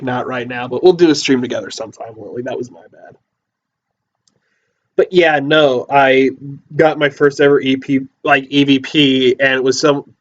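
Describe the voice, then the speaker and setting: A man hosting a casual livestream from a basement, rambling and repeating himself with lots of fillers, recorded on a phone or computer mic. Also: mid-range voice. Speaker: livestream host. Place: house basement. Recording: dull lo-fi phone audio.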